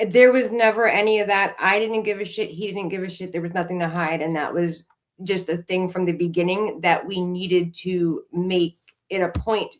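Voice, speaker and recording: A middle-aged woman co-hosting a podcast, telling a candid, emotional recovery story with plenty of swearing and filler words. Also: lowish voice. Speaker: podcast co-host.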